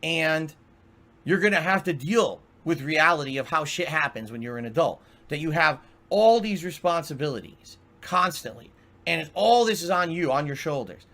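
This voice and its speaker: A man's voice: a little high, expressive, moderate pace, sharp tone. A male streamer in an angry, profane rant, exasperated and repeating himself.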